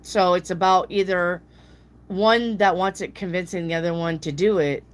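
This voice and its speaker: A woman giving casual live tarot readings, answering viewer questions bluntly, swearing freely and mimicking people in a high voice. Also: steady tone, moderate pace.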